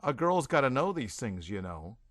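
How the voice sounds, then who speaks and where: A man's voice: medium pitch, big pitch swings, normal speed, a bit bright, no room sound, clean studio sound. A man voicing a confident, teasing mermaid woman who talks matter-of-factly.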